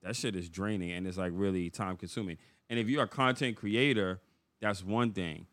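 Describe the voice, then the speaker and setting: A man's voice: low-pitched, normal speed, fairly bright tone, dry recording. A man co-hosting a podcast, talking in a laid-back, blunt and wry way. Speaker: podcast co-host. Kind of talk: casual podcast chat.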